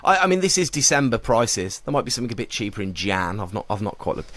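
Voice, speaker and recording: A man's voice: fairly low pitch, sing-song, fast, a bit bright, no echo. A man, co-hosting a podcast and quizzing his friends in a playful way. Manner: playful quizmaster. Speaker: podcast co-host. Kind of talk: casual chat.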